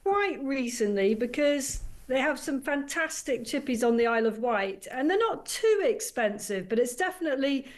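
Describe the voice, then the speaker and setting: A woman, a radio station's international editor, giving brisk and sharply critical political commentary as a studio guest. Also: high-pitched, lively intonation.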